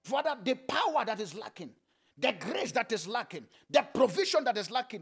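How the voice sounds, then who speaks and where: A middle-aged man preaching a sermon in a very high, bright voice that crackles with gravel and a husky edge. He preaches fervently, lifts into sung chanting and prays in tongues. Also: very animated, moderate pace. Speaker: pastor. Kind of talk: sermon with prayer.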